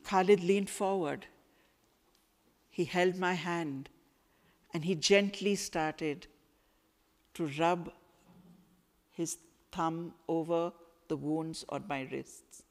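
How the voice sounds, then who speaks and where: A woman author reading a passage of her novel aloud to a school audience in slow, expressive storytelling. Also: on the low side. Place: school event hall. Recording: echoey hall with long reverb.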